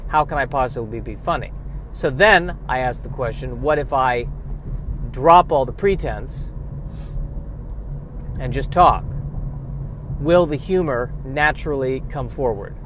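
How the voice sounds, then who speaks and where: A man hosting a solo podcast, musing aloud in an introspective, self-questioning way while he drives. His voice sits at an average pitch. Faint noise from the car can be heard underneath. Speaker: podcast host.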